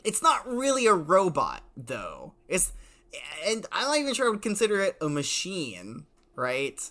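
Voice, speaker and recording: Young male host in mock-professor role, lively bright delivery, flustered laughing banter. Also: high voice, a little slow. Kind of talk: comedic podcast banter.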